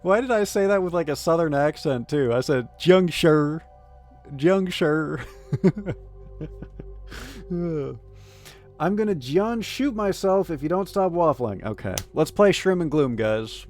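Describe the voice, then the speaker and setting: A man chats loosely on a live stream, joking with his chat and reading game text aloud. His voice sits a touch high for a man. Soft game music plays faintly underneath. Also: lively intonation, normal speed. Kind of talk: casual live-stream chat while gaming.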